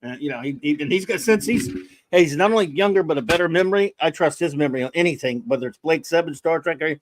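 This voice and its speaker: A man's voice: a little high, lively intonation, fast talker, no room sound. A man hosting a casual chat, rambling and self-deprecating with lots of restarts. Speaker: host.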